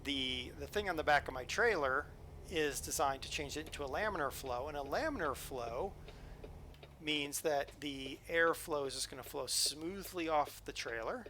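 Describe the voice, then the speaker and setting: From his home streaming setup, this streamer keeps up casual live chat with viewers during a truck-driving game, cracking jokes and explaining things along the way. His voice is a little high, pushed and bright, with lively intonation and a moderate pace. There's slight background noise.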